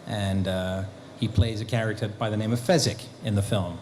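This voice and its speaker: A man, a guest actor and author, telling lively anecdotes at a convention Q&A, acting out bits of dialogue. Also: fairly low pitch, normal speed, a little hiss or hum. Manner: animated storyteller, acting out quotes. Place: convention hall.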